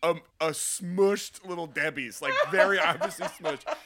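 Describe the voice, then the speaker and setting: A man's voice: high-pitched, unhurried, heavy background noise. A man co-hosting a casual chat, teasing his friend in disbelief and spinning jokey scenarios. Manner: teasing, incredulous, animated storytelling. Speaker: podcast co-host.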